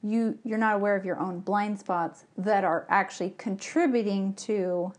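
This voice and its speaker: A woman co-hosting a podcast in casual chat, speaking calmly and reflectively. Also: mid-range voice, normal speed. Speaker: podcast co-host.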